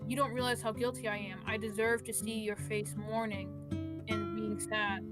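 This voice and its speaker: A woman's voice: medium pitch, flat delivery, moderate pace, over loud music, close to an everyday voice. A woman voicing a guilt-ridden young prince who earnestly pleads with his servant. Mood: pleading. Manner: earnest, improvised storytelling.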